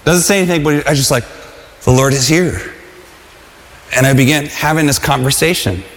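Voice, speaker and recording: A man preaching a sermon in an earnest, halting way, with restarts and calls that rise to shouts. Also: fairly high pitch. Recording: long hall reverb.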